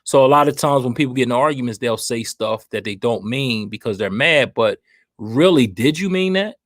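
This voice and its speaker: A man's voice: mid-range voice, lively intonation, normal speed, no echo. Chill guy reflecting on relationships, dry close mic. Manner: laid-back, reflective, many backchannels. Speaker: podcast co-host. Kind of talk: casual relationship talk.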